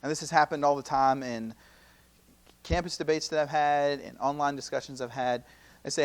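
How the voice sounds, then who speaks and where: A man in his late thirties, his voice sitting a little high, teaching a youth seminar in a loose, conversational way. He keeps asking rhetorical questions and checking in with "right?". Now and then he slips into quick acted-out quotes of other people. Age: 30s. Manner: acts out quoted speakers in lively asides. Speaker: campus minister.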